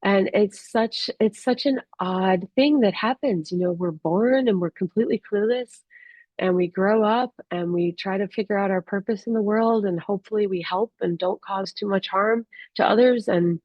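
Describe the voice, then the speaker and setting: A woman who works as a rural doctor tells a personal story in a candid, halting way, full of restarts and fillers. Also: mid-range voice, dry recording, highs cut off.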